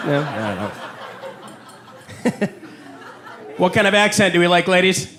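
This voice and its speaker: This high-voiced Canadian man is very animated as he works through a live stand-up set for a comedy club audience, keeping it wry and chatty while popping into quick character voices. Laughter and room ambience fill the background of a noisy live recording with a loud crowd.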